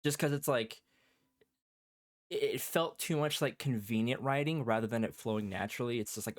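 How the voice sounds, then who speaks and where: A man's voice: mid-range voice, normal speed, no room sound, clean studio sound. A man co-hosting a podcast, chatting casually and acting out his reactions while he tells a story. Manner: animated storytelling, acts out his own thoughts. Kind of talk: casual chat.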